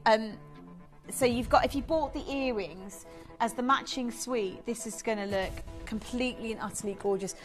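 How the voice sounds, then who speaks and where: A woman hosts a live televised jewellery auction, her fairly high voice full of breathless enthusiasm as she praises the gems and rattles off the names of bidders. Soft music plays beneath her in the studio. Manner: rapid excited sales patter, gushing over gems; reels off bidder names and congratulations. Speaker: shopping channel presenter.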